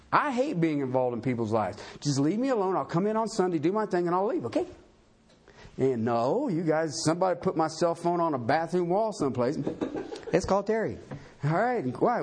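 A man's voice: high-pitched, darkish tone, husky. A man preaching a sermon as pastor, folksy and self-deprecating, full of rhetorical questions.

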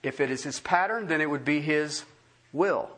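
A man's voice: fairly high pitch, moderate pace. A man preaching a sermon, full of questions put to his listeners. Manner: animated, asks the congregation many questions. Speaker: pastor.

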